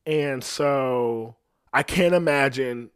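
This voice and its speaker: A man hosting a podcast in a casual, profane rant, rambling and trailing off quietly, often laughing at himself. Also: mid-range voice, slow, clear, resonant tone. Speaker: podcast host.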